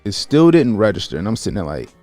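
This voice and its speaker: A man in his late thirties from Baltimore, hosting a casual livestream, greeting chat viewers and telling a story with lively acted-out quotes. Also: on the low side, fast, no room sound, soft background music. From Baltimore, USA. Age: 30s. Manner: animated, acts out quotes, greets chat by name. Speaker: livestream host.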